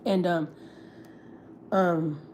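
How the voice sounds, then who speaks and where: A woman's voice: on the low side, steady tone, very slow, darkish tone. A woman, chatting casually and swearing freely as host of a gossip livestream, often repeating herself. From Houston, Texas.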